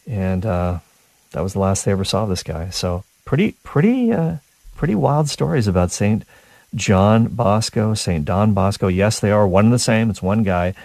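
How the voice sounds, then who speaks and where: A man hosting a talk radio show, telling stories in a casual, animated way with frequent restarts and small chuckles. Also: sits low, normal speed, no room sound. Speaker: radio host.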